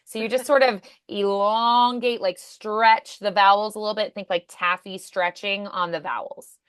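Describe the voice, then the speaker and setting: A woman's voice: medium pitch, fairly even intonation, normal speed, a bit bright, smooth, no room sound. Upbeat woman coach, encouraging and chatty, dry close sound. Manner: upbeat, encouraging, many fillers. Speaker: voice acting coach. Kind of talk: casual coaching.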